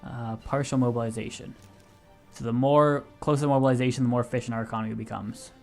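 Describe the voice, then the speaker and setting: A young gaming video host with a gravelly, fry-edged voice gives casual commentary on a strategy game, thinking aloud, explaining each move as he clicks, and correcting himself. He talks fast at an ordinary middle pitch with fairly even intonation, while soft music plays quietly behind him.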